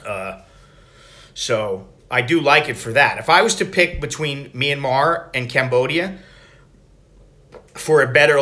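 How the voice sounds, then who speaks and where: A middle-aged American man talking casually in a travel vlog, rambling and profane as he tells stories. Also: mid-range voice. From United States. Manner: rambling, profane, animated storytelling. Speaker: travel vlogger.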